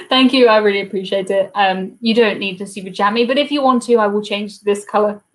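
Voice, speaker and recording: In an expressive, fairly quick, medium-pitched voice with a bright tone, a young woman from the south coast of England hosts a chatty cruise Q&A livestream from home. She reads viewers' comments aloud and coos at her dog between answers.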